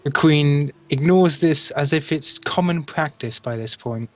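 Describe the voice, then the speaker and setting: A man's voice: on the high side, measured pace, lo-fi sound. A man narrating a tabletop game as game master, laid-back and laughing often.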